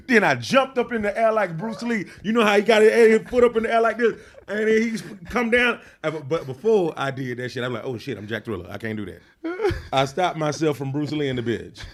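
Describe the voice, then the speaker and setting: A man telling a wild personal story in an interview, slangy and profane, full of fillers, getting loud and animated as he acts it out. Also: sits high. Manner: grows loud and animated when reenacting. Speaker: interview guest.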